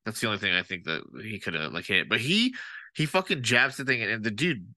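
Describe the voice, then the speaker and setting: A man's voice: fairly low pitch, fairly quick, no room sound. A man co-hosting a podcast, chatting casually and profanely about a movie with lots of fillers. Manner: profane, animated, rambling with fillers. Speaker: podcast co-host. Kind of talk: casual movie-review chat.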